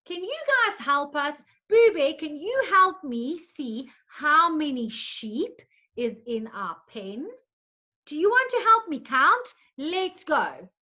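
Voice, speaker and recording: Woman, teacher, high bright voice, very slow, sing-song, coaxing small children. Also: sing-song. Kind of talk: early-grade lesson for young children.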